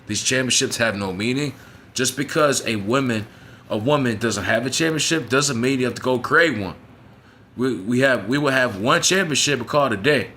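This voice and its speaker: A man's voice: mid-range voice, normal speed, bright, forceful tone, slight background noise. A man reviewing a wrestling show in a casual, profane, frustrated rant, often asking "you know what I'm saying?".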